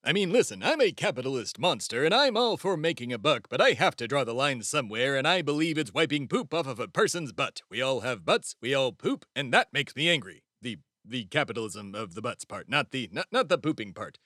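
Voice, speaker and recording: A man's voice: medium pitch, sing-song, a little fast, hardly any pauses, pushed and bright. A young man from Texas hosting a satirical comedy podcast, rambling and stumbling in a mock-pompous rant. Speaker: podcast host.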